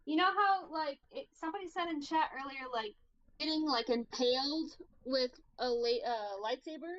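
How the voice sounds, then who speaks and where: A woman's voice: high voice, moderate pace, fairly bright tone, lo-fi sound. A woman co-hosting a casual livestream discussion, speaking hesitantly with many filler words. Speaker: watch-party co-host.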